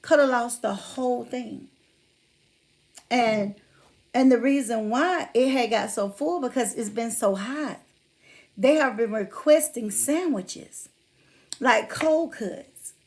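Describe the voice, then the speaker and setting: A woman's voice: fairly high pitch, takes it slowly, long pauses, darkish tone. A woman chatting casually on a livestream, greeting viewers by name and talking about her faith. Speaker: livestream host.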